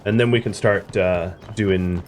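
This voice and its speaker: A man's voice: sits low, steady tone, unhurried, slight background noise. A man streaming a video game, casually explaining the mechanics with lots of fillers. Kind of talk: casual gameplay commentary.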